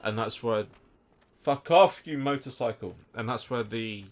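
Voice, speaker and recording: A man's voice: fairly low pitch, fairly even intonation, moderate pace. A man co-hosting a let's-play, joking and swearing as he riffs at length over the game. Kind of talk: casual gameplay commentary.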